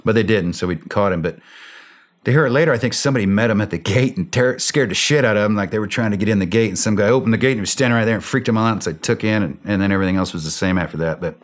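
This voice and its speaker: Ex special ops guy, low voice, chatty war story, laughs, acts out the dialogue. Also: racing. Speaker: former special forces operator, podcast guest.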